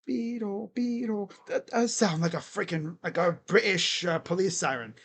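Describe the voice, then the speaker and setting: A man's voice: on the high side, lively intonation, moderate pace, fairly bright tone, husky. A young man doing casual live play-by-play of a baseball game, chatty and given to chanting and laughing. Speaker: live reaction play-by-play host.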